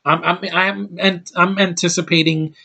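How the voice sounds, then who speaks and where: A man's voice: high-pitched, fairly even intonation, moderate pace, vocal fry, sharp tone. Blunt, rambling man ranting about movies. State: tired from lack of sleep. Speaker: movie list vlogger. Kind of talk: casual opinionated movie talk.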